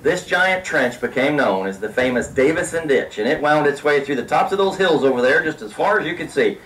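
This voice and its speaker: A man working as a tour guide, explaining mining history to a group outdoors with emphatic, drawn-out storytelling. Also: fairly high pitch, lively intonation, fairly bright tone. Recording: distant outdoor mic with faint noise.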